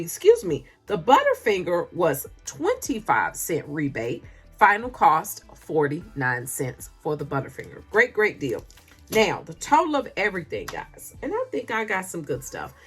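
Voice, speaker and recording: A woman's voice: medium pitch, fairly bright tone, breathy edge. A woman chatting casually through her shopping haul late at night, laughing often and calling her viewers honey and y'all. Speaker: couponing vlogger. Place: home, recording late at night.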